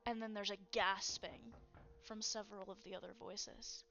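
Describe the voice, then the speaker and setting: A woman narrating a tabletop game as game master, in a measured, atmospheric way. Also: medium pitch, steady tone, muffled recording, music in the background.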